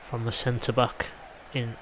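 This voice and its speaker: A man's voice: medium pitch, completely flat delivery, slow, background noise. A man from England chatting casually as he commentates his own football video game play, rambling into side remarks. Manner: chatty, rambling, mild asides. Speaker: gaming YouTuber.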